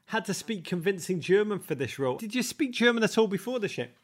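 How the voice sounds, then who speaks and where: A man's voice: high-pitched, animated, quick pace. A man hosting a podcast, asking questions with enthusiasm. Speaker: podcast host. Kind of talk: interview questions.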